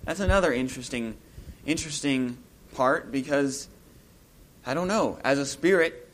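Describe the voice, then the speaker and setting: A man giving an informal Bible talk, musing aloud as he retells a scripture story and growing lively when he acts out the scenes. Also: medium pitch, normal speed, a little hiss or hum.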